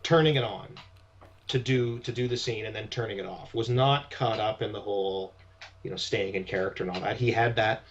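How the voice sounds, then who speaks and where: A man's voice: lowish voice, fairly quick, husky. A man, an actor guest, casually telling rambling anecdotes in conversation. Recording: dull lo-fi sound.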